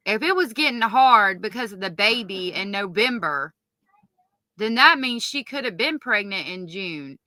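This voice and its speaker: A woman commenting on a livestream. She reads text messages aloud in a hushed voice, corrects herself often, and breaks off to curse in disbelief. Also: medium pitch, expressive, unhurried, no echo. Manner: stops to correct herself mid-read. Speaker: true-crime commentator. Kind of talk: livestream commentary reading court evidence.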